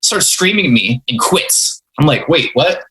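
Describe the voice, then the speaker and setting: Bright-voiced young man telling rambling stories. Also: on the high side, expressive, a little slow, rough recording. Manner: rambling, self-mocking, quotes his past self. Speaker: podcast host. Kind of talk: casual storytelling.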